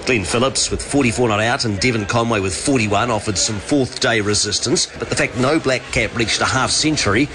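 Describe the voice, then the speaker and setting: A man files a recorded sports report in a measured, even read. Clear background ambience runs underneath his middle-pitched voice. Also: background noise. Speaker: cricket reporter.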